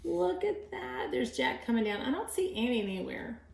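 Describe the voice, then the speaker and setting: Brief: teacher reading a children's book aloud, chatty asides, some fry, roomy echo. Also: female voice, fairly high pitch, wildly swooping pitch, moderate pace. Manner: chatty asides to young listeners. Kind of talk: read-aloud storytelling.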